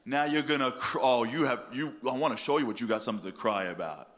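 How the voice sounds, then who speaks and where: A man's voice: medium pitch, fast talker, a bit bright, pitched below the performer's own voice, natural voice. A man playing an exasperated father who scolds his child with sarcastic mock threats. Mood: mock threatening.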